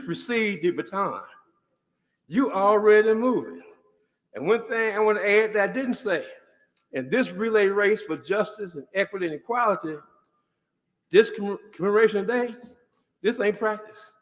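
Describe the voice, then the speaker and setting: Man, high voice, commemoration speaker, preacher-like oratory, long church echo. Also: animated, moderate pace. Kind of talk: oratorical speech. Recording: echoey church hall.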